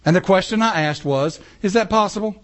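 High-voiced preacher. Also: male voice, a little fast. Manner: animated preaching with casual asides and rhetorical questions. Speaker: pastor. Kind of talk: sermon. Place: church sanctuary.

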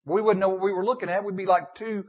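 A man's voice: high voice, fairly even intonation, fast, a little mellow. An older man, a pastor, preaching a sermon in a folksy storytelling way, often repeating and restarting his phrases.

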